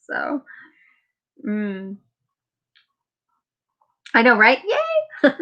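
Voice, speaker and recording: A woman's voice: medium pitch, a little slow, muffled recording. Tired, chatty woman hosting a live chat. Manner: chatty, rambling, laughs often. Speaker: livestream host. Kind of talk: casual live chat reading viewer comments. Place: home.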